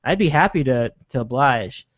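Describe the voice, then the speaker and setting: Lively, hesitant podcast host man. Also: medium pitch, normal speed, dry recording, dull audio. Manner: hesitant, repeats words, animated. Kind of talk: casual sports podcast chat.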